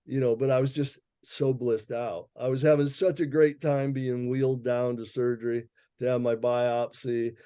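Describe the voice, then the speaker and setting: A man's voice: medium pitch, flat delivery, moderate pace, dark tone, clear, resonant tone, no room sound, studio quality. A man, an herbalist guest, telling a personal story in a casual interview, laughing often and acting out the people he quotes.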